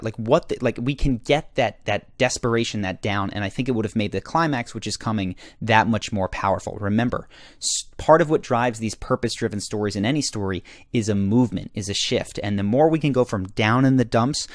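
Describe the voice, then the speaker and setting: A man's voice: on the low side, brisk, no room sound, studio quality. A man in his thirties working as a communication coach, breaking down a storytelling clip step by step in an explanatory manner. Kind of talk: analytical commentary on a story clip.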